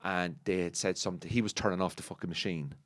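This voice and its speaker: A man's voice: deep voice, steady tone, fast, fairly bright tone. An Irish man, a comedian and radio presenter, telling profane anecdotes in casual podcast chat, with many restarts.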